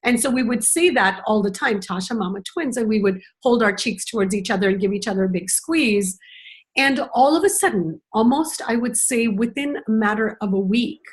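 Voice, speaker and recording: Speaking at a normal speed with a fairly high voice, a middle-aged parenting educator delivers a conversational conference talk. She comes across as reflective and earnest and fills pauses with many "you know"s.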